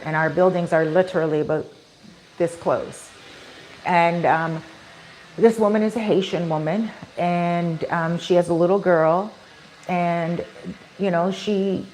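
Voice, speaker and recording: A woman with a fairly low voice talks casually on a live stream from home. She tells her story with animation and slips into the voices of the people in it. A faint hum of room ambience sits behind her. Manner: animated storyteller who acts out quoted people. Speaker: vlogger.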